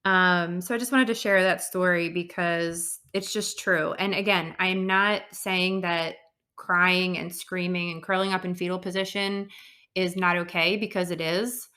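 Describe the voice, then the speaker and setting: Earnest woman podcast host, bright voice. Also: fairly low pitch, fairly even intonation. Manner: earnest, reflective, frequent "um" pauses. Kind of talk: personal storytelling monologue.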